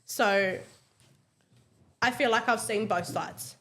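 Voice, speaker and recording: A woman's voice: mid-range voice, slow pace, fairly bright tone, slight background noise. A woman with a New Zealand accent answers interview questions in a mid-range voice. She is friendly and affirming and nods along with short agreements. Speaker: early childhood teacher, guest.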